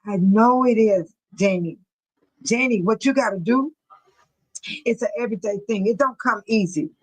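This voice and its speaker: A high-voiced middle-aged woman hosts a casual livestream. She keeps breaking into laughter and reads out viewer comments as she talks. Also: moderate pace, breathy edge, poor audio. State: laughing to tears. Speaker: livestream host.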